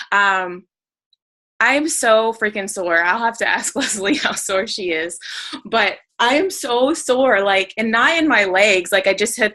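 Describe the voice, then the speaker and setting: On a group video call, a team member tells a casual story in a mid-range, sharp-toned voice, and the recording quality is low. She's chatty and emotional, filling her talk with lots of "like" and other fillers.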